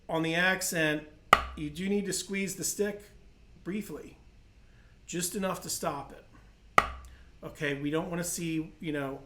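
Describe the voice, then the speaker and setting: Slow-talking male drum teacher. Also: fairly high pitch, roomy sound, very noisy. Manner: patient, explains step by step and counts in aloud. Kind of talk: livestream drum lesson. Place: percussion studio.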